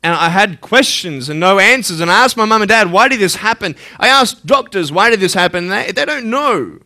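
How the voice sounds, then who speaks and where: Young man, motivational speaker, high voice, joking then earnest. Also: expressive, a little fast, pushed and bright. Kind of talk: live motivational talk to an audience.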